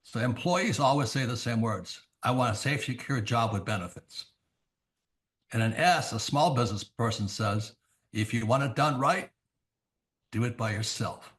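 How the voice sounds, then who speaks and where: A man's voice: mid-range voice, a bit bright. Brief: older male guest, plain mid voice, folksy and blunt, acts out the dialogue. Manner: blunt, anecdotal, acts out dialogue in quick bursts. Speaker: guest author and investor. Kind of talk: storytelling in an interview.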